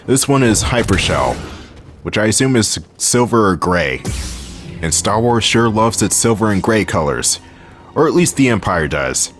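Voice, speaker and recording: Wry Philly-accented let's-play host, low-voiced, game music faint behind. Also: male voice, very animated, moderate pace. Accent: Philadelphia. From Philadelphia area. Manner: chatty and wry, jokes to himself, swears now and then. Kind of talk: casual gameplay commentary.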